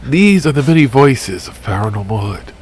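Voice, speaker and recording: A man's voice: medium pitch, very animated, moderate pace, a little mellow, breathy edge. A man hosting a live paranormal radio show, chatting in a rambling, profane, laid-back way. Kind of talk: casual live radio chat.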